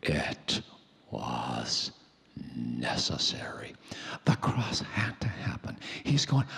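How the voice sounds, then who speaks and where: A man preaching a sermon in a hoarse, breathy near-whisper, slow and emphatic, stretching out key words. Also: very deep voice, very animated, bright, forceful tone. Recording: long hall reverb.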